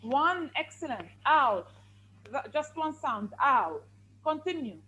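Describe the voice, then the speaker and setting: High-voiced woman teaching. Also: lively intonation, a little slow, bright, forceful tone, poor audio. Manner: repetitive, questioning, firm. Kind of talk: online English lesson. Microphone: video call.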